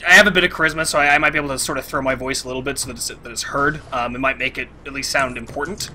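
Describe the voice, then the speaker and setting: A man playing a tabletop role-playing game, chatty and trailing into quieter asides. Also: mid-range voice, fairly even intonation, racing. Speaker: player. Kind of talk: casual game chat.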